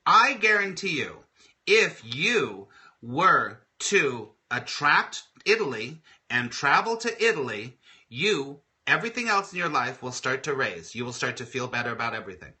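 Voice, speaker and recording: A man's voice: medium pitch, sing-song, normal speed, bright, forceful tone. A man hosting a live motivational morning show as a spiritual coach, telling stories expressively and often repeating phrases.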